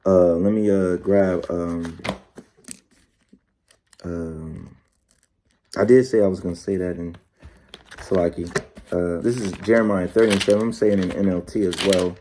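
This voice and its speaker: A man with a lowish, dark, mellow voice gives a loose, casual scripture lesson. He tags nearly every phrase with "all right" or "man" and reads verses slowly, with many fillers and restarts. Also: steady tone, a little hiss or hum. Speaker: preacher.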